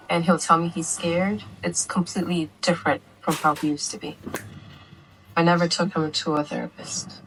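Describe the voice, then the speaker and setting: A woman with a lowish voice tells her story steadily and earnestly, like an interview testimony. A faint hiss of room noise sits under her words. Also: a bit bright, low-quality recording. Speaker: mother telling her family's story.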